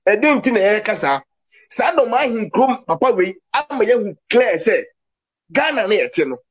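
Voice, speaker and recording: A man's voice: high-pitched, very animated, normal speed, breathy edge, dull audio. A man giving an impassioned political commentary, emphatic, with English words mixed into his talk.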